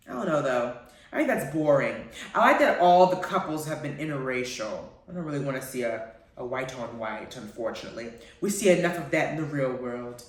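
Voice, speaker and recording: A woman hosts a casual radio chat about TV, playful and quick to laugh. Her pitch swings widely as she talks. She sounds a little far off, in a strongly echoing room. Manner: animated, playful, laughing often. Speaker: radio show host. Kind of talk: casual chat reviewing TV shows. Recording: very echoey, far from the mic.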